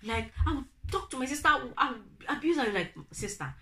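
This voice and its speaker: A young Nigerian woman with a Nigerian accent, telling a family story to her viewers, animated and acting out the people she quotes. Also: high-pitched, fast. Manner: animated, acts out quoted family members in raised voices. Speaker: vlogger. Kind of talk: casual storytelling to camera.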